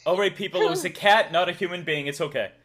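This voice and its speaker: A man's voice: high-pitched, quick pace, fairly bright tone. A talkative man with a Massachusetts accent hosts a laid-back livestream. He laughs easily and chats while reading out donations. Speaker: livestream host. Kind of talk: casual livestream chat.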